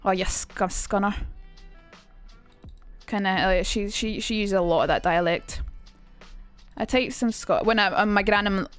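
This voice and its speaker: A woman's voice: mid-range voice, moderate pace, fairly bright tone, smooth, soft background music. A young Scottish woman streaming a casual chat about accents, chatty and sweary, reading out messages from chat. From Scotland. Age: young adult.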